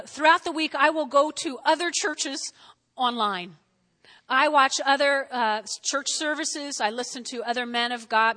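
A middle-aged woman pastor preaching a sermon in a lively, conversational way, often checking in with the congregation. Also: fairly high pitch. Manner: lively, conversational preaching with frequent "all right?" check-ins.

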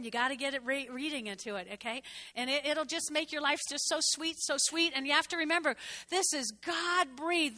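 A woman pastor in her sixties preaching a chatty, animated sermon with asides to the congregation. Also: high-pitched.

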